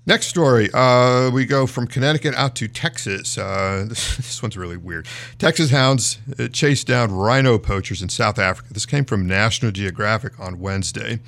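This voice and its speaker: A man's voice: lowish voice, normal speed, gravelly, fairly bright tone. A man hosting a news show, reading stories aloud in a casual, conversational way with frequent fillers and restarts.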